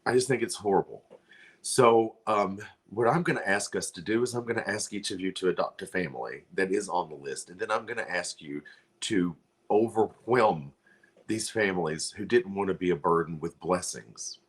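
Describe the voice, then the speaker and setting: A man's voice: deep voice, moderate pace. A man hosting a livestream, making an earnest, pleading charity appeal while fighting back tears. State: close to crying. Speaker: livestream host.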